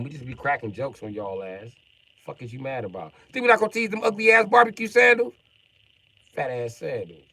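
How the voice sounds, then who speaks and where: A middle-aged man ranting bluntly and profanely on a live stream, jumping from mutters to sudden shouts while joking around. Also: mid-range voice, breathy edge, low-quality recording. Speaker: livestreamer.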